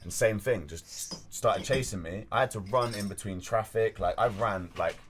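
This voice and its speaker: A man's voice: fairly low pitch, moderate pace, a little hiss or hum. A young man with a Bristol accent, casually telling a rambling story on a podcast and swearing freely. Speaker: podcast guest. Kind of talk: casual chat.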